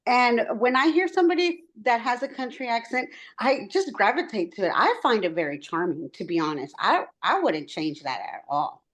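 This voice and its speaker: A woman's voice: on the high side, sing-song, moderate pace, few pauses. A woman from Texas with a Texan accent, chatting on a video call as a meetup attendee, talkative and a little self-conscious, mixing in Spanish words. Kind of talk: casual chat on a video call.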